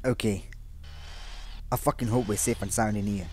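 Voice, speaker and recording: This gaming commentator is a young man playing a horror game for a let's play, cursing nonstop and yelping and shouting in panic. He has a fairly low voice, fairly even intonation, and a moderate pace, with slight background noise.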